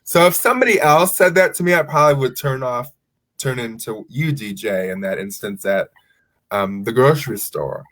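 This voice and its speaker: A young man chatting on a podcast, his voice in a middle register. He tells lively stories with quick asides and laughs often. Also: mid-range voice. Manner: animated storyteller, laughs often. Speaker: podcast co-host. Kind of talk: casual chat.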